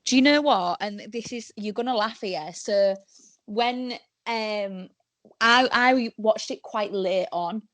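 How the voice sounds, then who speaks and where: A woman's voice: mid-range voice, takes it slowly, dry recording. A woman in her twenties with a Hull accent, a guest chatting on a podcast and acting out the quotes in her stories. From Hull, England. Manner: animated storyteller who acts out quotes. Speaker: guest, professional wrestler. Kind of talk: casual podcast chat.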